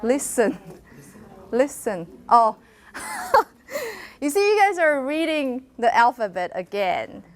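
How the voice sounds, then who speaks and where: Woman, lecturer, unhurried classroom delivery, models pronunciations by repetition. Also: high-pitched, huge pitch swings. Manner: demonstrates sounds by repeating words slowly; switches briefly into Mandarin. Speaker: university phonetics lecturer. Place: lecture hall.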